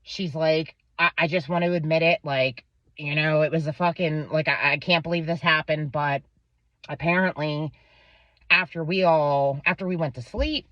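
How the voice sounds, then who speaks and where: Her voice is deep and her pace moderate as she, a Pennsylvania woman in her thirties, casually recounts a story about her kid, swearing and acting out the characters with lively quoted voices. No echo; the sound is dull, dry and lo-fi.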